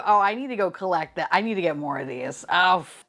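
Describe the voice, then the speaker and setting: Giggly, excitable woman unboxing toys. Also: mid-range voice, fairly quick. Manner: excitable, gushing, swears freely, frequent giggles. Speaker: vlogger unboxing blind boxes. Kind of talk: casual unboxing chat.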